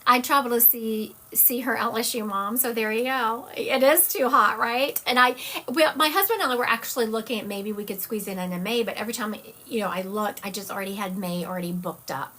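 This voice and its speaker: A woman's voice: on the high side, brisk, pushed and bright. A woman with a Southern US accent, a psychic medium chatting casually and rambling on a live stream. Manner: chatty, rambling, self-correcting.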